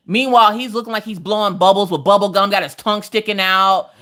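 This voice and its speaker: Animated, exasperated woman livestream host. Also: mid-range voice, quick pace. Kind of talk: casual chat.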